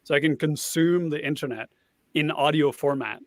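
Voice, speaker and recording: A man's voice: on the high side, normal speed, no room sound. Man, panel guest, explanatory, thinks aloud, dry sound. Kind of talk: casual panel chat.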